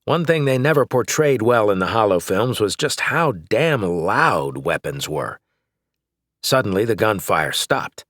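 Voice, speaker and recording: A man narrating an action novel in first person, in a steady, measured way. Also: sits low, no room sound, studio quality. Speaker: audiobook narrator.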